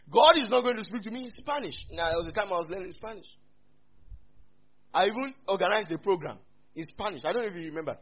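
A man's voice: high-pitched, fast, long pauses, slightly rough, highs cut off. A man with a Nigerian accent preaching a humorous sermon, slipping into Yoruba asides. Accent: Nigerian, Yoruba-speaking. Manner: humorous, mixing in Yoruba asides, lively swings in loudness. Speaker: pastor.

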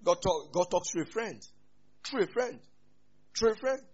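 Nigerian male pastor, husky, fairly high voice, animated sermon, dull lo-fi recording. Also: normal speed. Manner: animated preaching with sudden loud rises and laughs.

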